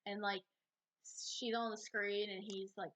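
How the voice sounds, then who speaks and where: A woman's voice: medium pitch, little pitch movement, unhurried, fairly bright tone. A young woman co-hosting a podcast in casual, profane chat, full of fillers and giggles. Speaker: podcast co-host. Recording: dull lo-fi sound.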